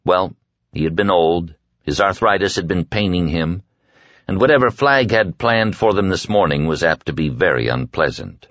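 A man reading an audiobook in measured scripted narration, quietly voicing the dialogue as he goes. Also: deep voice, animated, dry recording, muffled recording.

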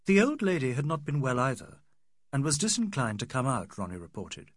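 A male audiobook narrator reads a literary novel in a measured, expressive manner, his pitch moving freely across phrases. His voice is husky and sits close and dry, with no room sound. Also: no echo.

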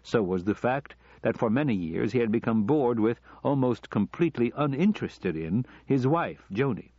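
A man narrating an audiobook story in a measured, even storytelling manner. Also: mid-range voice, breathy edge, no room sound. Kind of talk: scripted narration. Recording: slightly dull lo-fi recording.

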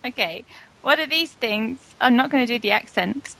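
A woman's voice: on the high side, expressive, moderate pace, gravelly, a bit bright, low-quality recording. Give me a giggly, self-deprecating woman guesting on a podcast. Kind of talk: casual chat.

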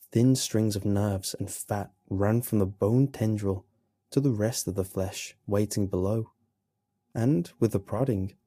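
Casting note: male horror narrator, unhurried and grim, mellow and dark tone. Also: fairly low pitch, slightly rough, no room sound, clean studio sound. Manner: slow, grim, measured storytelling.

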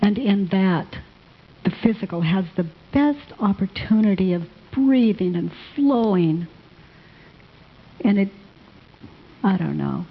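A woman answers questions from a live audience. Her voice is husky and her manner is gentle and affectionate. The recording sounds dull and lo-fi. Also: medium pitch, lively intonation, takes it slowly, pauses often. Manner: gentle, affectionate, calls people honey. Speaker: self-inquiry teacher.

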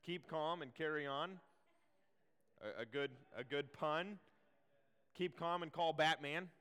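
A man's voice: fairly high pitch, slow pace, fairly bright tone, smooth, long reverb tail. A man preaching a sermon in a casual, chatty way, full of fillers and restarts.

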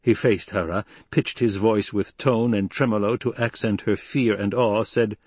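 A man reading a novel aloud as an audiobook narrator, in an even, measured way. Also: fairly low pitch, slightly rough, dry recording. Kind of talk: scripted narration.

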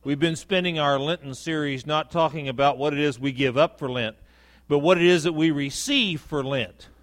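A male pastor giving a sermon in a conversational way, speaking softly on reflective lines and rising for emphasis. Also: normal speed. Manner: conversational preaching, rising with emphasis on key points; drops to a soft, low voice for reflective lines.

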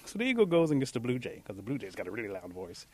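Male storyteller, mid-pitched, folksy and unhurried, for an animal folktale. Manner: folksy, unhurried, with lively pitch jumps for emphasis.

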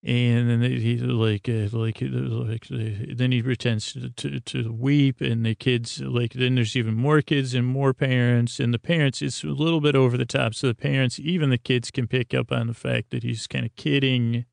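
A man's voice: mid-range voice, little pitch movement, moderate pace, gravelly, hardly any pauses, a little mellow, no room sound, studio quality. A man narrating a tabletop game as game master, rambling with many fillers and restarts.

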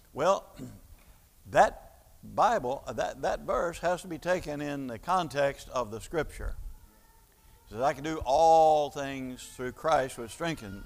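A man's voice: mid-range voice, big-room sound. A man preaching a sermon, explaining an idea step by step like a teacher, with frequent fillers and restarts. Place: church hall.

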